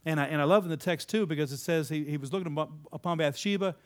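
Speaking to a live audience, a man with a fairly high, rapid-fire voice delivers a conversational, sermon-like talk. He poses questions to the crowd, repeats their answers back, and breaks into sudden emphatic lifts.

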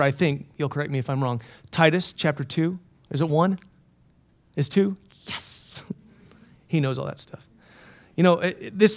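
A man preaching a sermon at a Bible college, emphatic and full of questions to his listeners, swinging between loud and hushed lines. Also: high-pitched. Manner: asks the listeners many questions.

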